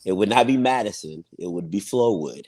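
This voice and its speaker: A man's voice: lowish voice, animated, fairly quick, a little mellow. A man, a guest on a sports talk show, telling stories playfully.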